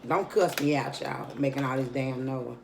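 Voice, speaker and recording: This mukbang vlogger, sounding tired, eats and chats easily with her audience, addressing them directly. Her very deep, creaky voice moves at a moderate pace against a noisy background.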